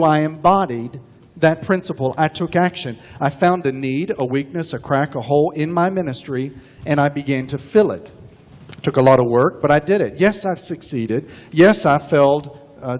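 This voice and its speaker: A man preaching a sermon as senior minister in a chapel, folksy and animated as he tells stories. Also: on the high side. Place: chapel sanctuary. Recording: dull recording, long hall reverb.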